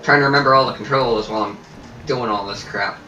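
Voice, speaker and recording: A man in casual let's-play commentary, goofy and profane, chattering to himself. His voice is bright and sits back from the mic in a roomy space, with faint noise behind. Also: mid-range voice, quick pace, recorded from a distance. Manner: goofy, swearing, talks to himself. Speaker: gameplay streamer.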